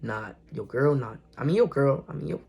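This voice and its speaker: A man's voice: medium pitch, animated, normal speed, gravelly, dark tone, breathy edge. A young man vlogging casual spiritual encouragement, earnest and slangy, often repeating and correcting himself. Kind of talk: casual motivational talk to camera.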